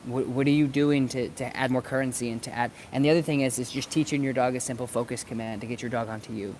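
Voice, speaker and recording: Speaking fast in a darkish, mid-range voice with fairly even intonation, this man is heard over slight background noise. He's a dog trainer giving relaxed instruction to camera outdoors near planters, repeating words as he thinks aloud.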